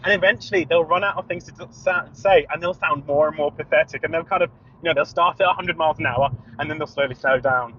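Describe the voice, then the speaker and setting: A British man co-hosting a podcast, telling an animated story with laughter and acting out both sides of a phone call. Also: fairly high pitch, quick pace, hardly any pauses, a little hiss or hum. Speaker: podcast co-host. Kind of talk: casual storytelling chat. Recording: dull lo-fi sound.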